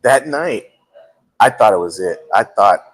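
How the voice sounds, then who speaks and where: A man's voice: fairly low pitch, lively intonation, measured pace. A man hosting a live talk show, telling a personal story in a casual way, with frequent restarts. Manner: storytelling with many restarts and acted quotes. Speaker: host.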